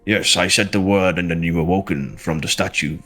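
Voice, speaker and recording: A man playing his character in a tabletop game, speaking in a measured, questioning way. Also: low voice, a bit bright, soft background music. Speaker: player.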